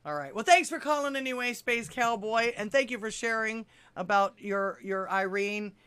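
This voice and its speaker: A woman's voice: a little high, moderate pace, fairly bright tone, clean tone. A woman hosting a live call-in talk show, chatting in a laid-back way with callers. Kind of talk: casual call-in chat.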